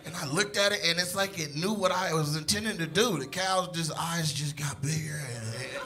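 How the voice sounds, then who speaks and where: Male stand-up comic in his thirties, higher voice, animated storyteller who drops to a hush and then yells, handheld mic on stage. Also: moderate pace. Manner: animated, swings from hushed to shouting. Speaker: stand-up comedian. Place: comedy stage before a live audience.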